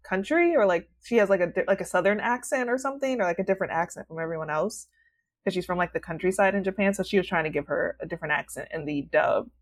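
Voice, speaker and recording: A woman's voice: on the low side, fast talker. A woman hosting a podcast in casual chat, bubbly and laughing often, with many likes. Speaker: podcast host.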